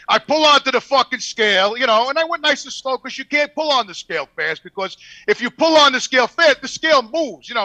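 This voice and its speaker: A man's voice: high voice, dry recording. A man, telling a profane story on a podcast. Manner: profane, animated, quotes people in put-on voices. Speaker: regular podcast guest. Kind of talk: casual storytelling.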